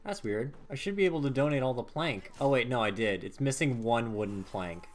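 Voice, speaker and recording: A man's voice: mid-range voice, lively intonation, a little fast. A man in casual gaming banter with a friend, joking and defensive, laughing often. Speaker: gamer co-streaming.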